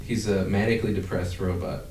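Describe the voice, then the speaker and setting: Deep-voiced man, distant roomy mic. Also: fairly even intonation, a little fast, darkish tone, slight background noise. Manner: rambling, swears casually, laughs at himself. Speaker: podcast co-host. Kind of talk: casual chat.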